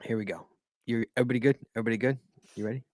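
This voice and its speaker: A man hosting a casual podcast, teasing his co-hosts in a playful, lively way. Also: mid-range voice, racing, no echo, studio quality. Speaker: podcast host. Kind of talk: casual live podcast chat.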